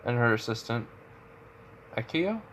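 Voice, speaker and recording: A man's voice: mid-range voice, very animated, measured pace, fairly bright tone, slight background noise. A man casually retelling a fan story, rambling with many restarts. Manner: rambling, lots of fillers and restarts.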